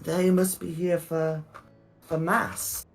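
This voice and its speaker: A man voicing a soft-spoken, feminine hooded figure who speaks primly. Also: on the high side, little pitch movement, slow pace, gravelly, faint music behind, voice pushed up.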